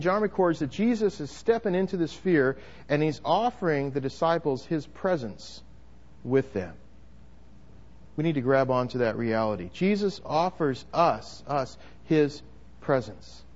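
A man with a slightly high voice preaching a sermon, driving his points home with emphasis and often restarting or repeating words. The recording is muffled and lo-fi. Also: expressive, measured pace, darkish tone. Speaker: pastor.

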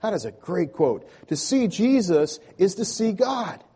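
A man's voice: sits high, sing-song, measured pace, dark tone, slightly rough. A male pastor delivering a sermon, restarting phrases with repeated words and leading the congregation to speak lines back.

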